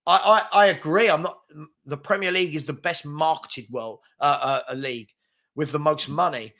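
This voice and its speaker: A young man with a London accent hosting a live football chat, chatty and quick, reading out viewers' comments and places. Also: a little high, pushed and bright. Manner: fast-talking, chatty, reads out names and places.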